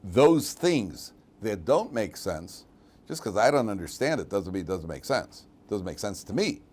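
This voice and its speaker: A man gives a lively, humorous class as a rabbi, chatting with his students and often restarting his sentences. His delivery is plain and conversational. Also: fairly low pitch, moderate pace, husky. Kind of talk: lively Torah class with anecdotes.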